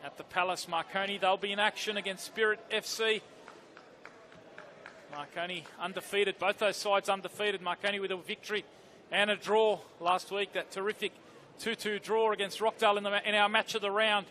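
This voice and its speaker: A male football commentator with a high, bright voice calls a live match from the stadium. He moves quickly through fixtures and scores, and he shouts out the big moments of play. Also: steady tone, a little hiss or hum.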